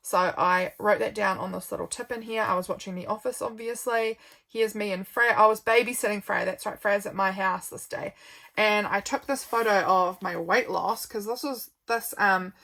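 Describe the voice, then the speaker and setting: A tired young woman vlogs casually through her journal, rambling a bit in a friendly way and pausing for frequent yawns. Her voice is medium-pitched and a bit bright.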